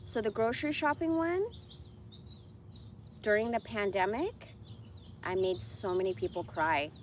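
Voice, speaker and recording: A woman's voice: mid-range voice, measured pace, a little hiss or hum. A woman in her forties ranting bluntly and profanely in a casual livestream monologue. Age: 40s.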